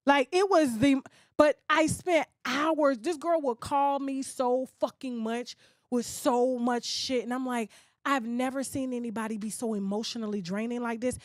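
A woman's voice: high-pitched, steady tone, moderate pace, dry recording, studio quality. A woman blogger delivering a blunt, profane rant, mockingly mimicking other people. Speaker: gossip blogger. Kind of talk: ranting monologue.

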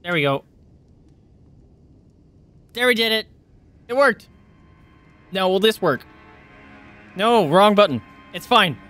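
Excitable male streamer with a lively voice. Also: sits high, takes it slowly, long pauses, soft background music. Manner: excitable, yelps and swears at enemies; chatty, thanks viewers by name. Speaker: livestreamer. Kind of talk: live gameplay commentary.

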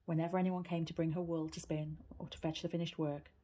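A woman's voice: low-pitched, flat delivery, quick pace, dark tone. A woman reading a children's classic aloud, narrating steadily and evenly. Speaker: reader. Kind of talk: storybook reading.

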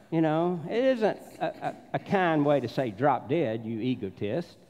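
In a church sanctuary, a Southern-accented pastor preaches a sermon built on stories, acting out the voices of the people in them. His voice sits high and is a little mellow. The sound is dull, with long church reverb.

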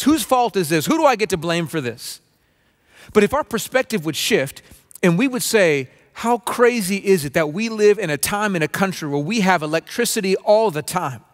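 A man's voice: high voice, fairly bright tone. A man preaching a sermon as pastor of a church, earnest and repeating words for emphasis.

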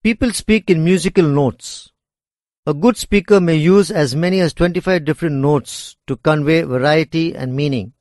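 A man reading a scripted lesson on speaking skills in a measured, deliberate way. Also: a little high, darkish tone, dry recording, studio quality. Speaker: instructor.

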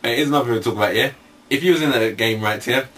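A man's voice: medium pitch, racing, fairly bright tone. A young man chatting casually as co-host, slangy, tagging his sentences with "right, yeah?". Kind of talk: casual chat. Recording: distant from the mic, faint background hiss.

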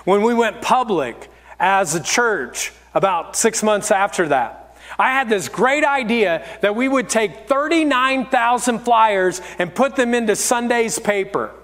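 High-voiced male pastor in a reverberant hall. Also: lively intonation, measured pace, a bit bright. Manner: candid, self-deprecating storytelling. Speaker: lead pastor. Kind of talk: sermon.

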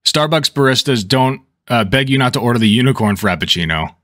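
A man's voice: mid-range voice, brisk, no echo, studio quality. A man giving casual reaction commentary, cursing freely and laughing often as he rambles. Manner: animated, profane, laughs often.

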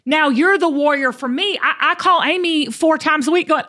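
A woman's voice: high-pitched, fairly quick, hardly any pauses. A woman hosting a casual chat, talking emphatically and animatedly. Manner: emphatic, animated, preachy bursts. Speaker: show host.

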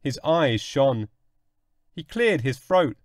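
A man narrating a classic short story in an expressive, dramatic audiobook reading. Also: mid-range voice, slow pace, dry recording, studio quality.

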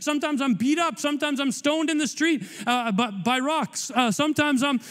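A man preaching as a guest pastor, animated and conversational, with playful asides. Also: very high voice, normal speed. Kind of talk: sermon. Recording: long hall reverb.

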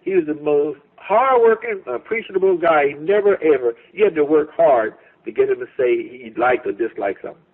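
A man's voice: fairly high pitch, normal speed, few pauses, slightly rough. A man, a music producer and songwriter, reminiscing in an interview, telling stories with lots of repeats and restarts. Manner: animated storyteller who repeats and restarts phrases. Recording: tinny phone line.

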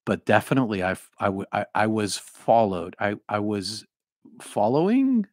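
A middle-aged man with a faint Boston accent, hosting a casual livestream and reading viewer comments in an animated, rambling way that restarts often. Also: lowish voice, normal speed, no echo, clean studio sound. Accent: Boston, mostly trained out. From Boston area.

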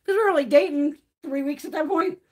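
A woman's voice: sits high, fast. A woman hosting a casual live stream, telling stories bluntly with plenty of swearing and frequent laughter. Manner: blunt, heavily profane storyteller; laughs often while talking. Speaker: livestream host.

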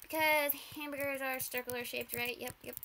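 A young woman commentating on her own gameplay, flustered, rushing and apologizing with nervous laughs. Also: sits high, steady tone, sharp tone, slight background noise. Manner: flustered, rushed, apologetic, giggly. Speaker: gamer.

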